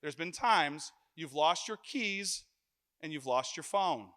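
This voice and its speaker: Animated joking man preaching a sermon. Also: a little high, slow pace. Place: church.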